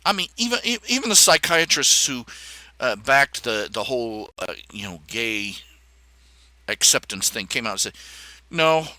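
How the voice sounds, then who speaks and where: A man hosts a casual livestream while he draws, thinking out loud in a halting, rambling way. His tone is opinionated and sardonic, his pitch moves a lot, and the voice sounds very bright. The recording is close and dry. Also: animated, no echo. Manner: rambling, halting, many fillers and restarts. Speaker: livestream host.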